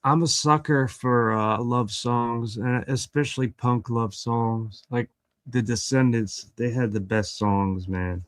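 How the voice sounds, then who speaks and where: A middle-aged man chatting casually on a panel, rambling with halting restarts. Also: mid-range voice, no echo, studio quality. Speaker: podcast panelist. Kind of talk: casual chat.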